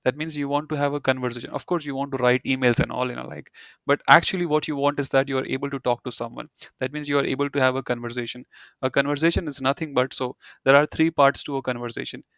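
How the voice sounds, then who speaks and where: A man's voice: medium pitch, fairly even intonation, fast talker, creaky, a bit bright, dry recording, clean studio sound. A man teaching German in an online video-call class, explaining at an easy pace with many "you know" fillers.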